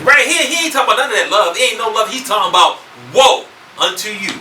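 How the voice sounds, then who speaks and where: A man preaching a sermon, emphatic and repetitive, building to shouts. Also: high-pitched, very animated, racing, echoey room, recorded from a distance, a little hiss or hum, rough recording.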